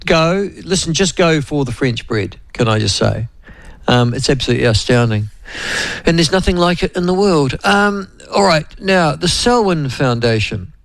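A man's voice: a little high, lively intonation, moderate pace, vocal fry, no echo. A man with a New Zealand accent hosting a talk radio show, rambling and chatty, addressing his listeners and co-host by name. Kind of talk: casual radio chat.

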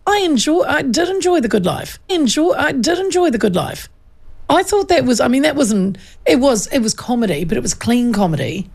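A New woman co-hosts a radio show in easy, chatty talk. Her voice has a gravelly, creaky edge, and she laughs often as she reads out texts. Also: high-pitched, sing-song, moderate pace, a little mellow. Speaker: radio co-host reading listener texts. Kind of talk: casual on-air chat.

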